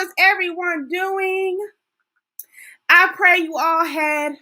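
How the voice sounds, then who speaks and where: Middle-aged woman, show host, folksy and chatty, slow and bright-toned. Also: very high-pitched, steady tone. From Texas. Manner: chatty, folksy, talks to viewers directly. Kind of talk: casual livestream chat.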